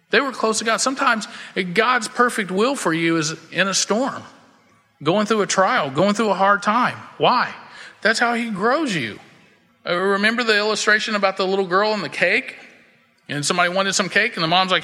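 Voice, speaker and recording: Folksy pastor in a reverberant hall. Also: male voice, sits high, moderate pace, bright, forceful tone. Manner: casual, folksy, acts out quoted voices. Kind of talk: conversational sermon with storytelling.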